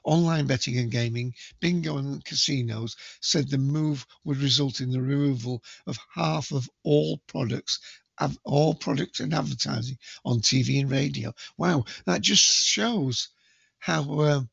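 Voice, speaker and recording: A man's voice: medium pitch, a little slow, gravelly, fairly bright tone, husky, dry recording, lo-fi sound. A man hosting a podcast, reading news items aloud and commenting in a casual, hesitant way with frequent ums and restarts.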